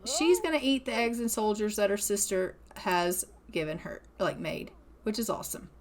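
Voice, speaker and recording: This gameplay commentator speaks at a normal speed with a medium-pitched voice. She chats warmly while narrating a life-sim game, laughing often, in a relaxed let's-play style.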